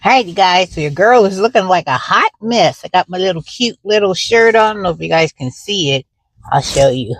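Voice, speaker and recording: Chatty woman vlogger, low dry voice. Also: expressive, fairly quick, dry recording. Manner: chatty, rambling, frequent fillers. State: out of breath. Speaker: gardening vlogger. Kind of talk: casual vlog chat. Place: in a car.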